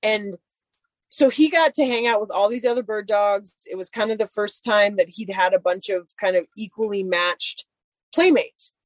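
A woman's voice: medium pitch, moderate pace, no echo. A woman chatting casually and telling a long story about her dogs, full of "like" fillers. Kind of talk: casual chat.

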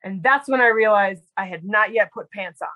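A woman on a podcast tells a story in a loose, chatty way, leaning on "like" and small fillers as she goes. Her voice sits at a middle pitch. The sound is dry and close, with no room echo. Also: normal speed, pushed and bright. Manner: chatty, heavy use of "like" and fillers. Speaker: podcast guest; medical provider. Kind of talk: casual storytelling.

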